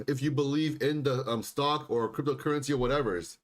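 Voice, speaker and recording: A man's voice: mid-range voice, moderate pace. Insistent man calling live market moves. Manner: insistent, repetitive, frequent throat clearing. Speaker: livestream stock and crypto host.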